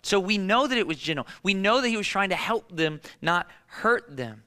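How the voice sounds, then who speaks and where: A man's voice: high-pitched, lively intonation, normal speed, bright, forceful tone, smooth, big-room sound. A man in his thirties preaching a sermon as pastor, emphatic, repeating key phrases and asking rhetorical questions.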